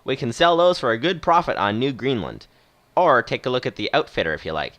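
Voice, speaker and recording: A man's voice: mid-range voice, sing-song, a little fast, a bit bright. A man voicing an old retired male starship captain with a Western movie drawl, folksy and friendly.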